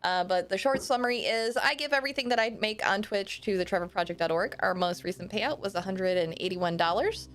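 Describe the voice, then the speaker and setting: A woman's voice: mid-range voice, brisk, few pauses. A woman hosting a tabletop game stream, chatty and upbeat, with a slight lisp from fake fangs. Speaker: host. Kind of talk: stream intro, casual chat.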